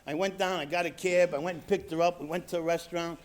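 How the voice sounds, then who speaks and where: A middle-aged man from New York telling his own recovery story at a convention, acting out quotes and dropping quiet for emphasis. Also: on the high side, steady tone, fast. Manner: storytelling with acted quotes, drops to quiet emphasis, laughs at himself. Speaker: recovery speaker. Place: convention hall stage.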